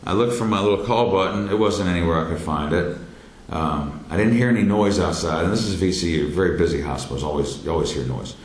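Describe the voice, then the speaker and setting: Low-voiced man telling a story. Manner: halting, many fillers and restarts, rising into shouted quotes. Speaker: speaker telling his near-death experience. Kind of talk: personal storytelling talk. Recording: roomy echo, faint background noise.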